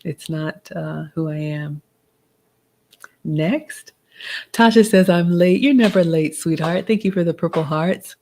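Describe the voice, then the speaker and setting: A woman's voice: on the low side, a little slow, warm tone. A Southern woman in her forties with a Southern accent, hosting a casual livestream Q&A, reading viewer comments aloud and giving polished, motherly advice. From American South. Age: 40s. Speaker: livestream host answering chat.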